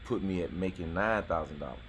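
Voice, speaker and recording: Man, very deep voice, casual host chat, laid-back, fillers and restarts, faint hiss. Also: brisk, a bit bright. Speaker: YouTube host.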